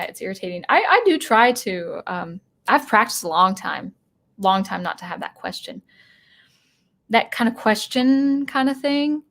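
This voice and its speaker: Female streamer, mid-range voice, unscripted commentary, thinks out loud with frequent restarts. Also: mid-range voice. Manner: thinking aloud, halting with restarts. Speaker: channel host and teacher. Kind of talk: live-stream commentary answering chat.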